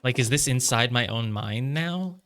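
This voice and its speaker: A man talks through a game as he plays it, thinking out loud in a casual, meandering way. He leans on "like" as a filler while he works out his ideas. Small laughs break up his sentences, and his pitch sits at an ordinary middle level. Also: lively intonation, moderate pace, slight background noise. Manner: musing aloud, heavy on "like" fillers. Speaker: gamer playing through a game. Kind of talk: casual let's-play commentary.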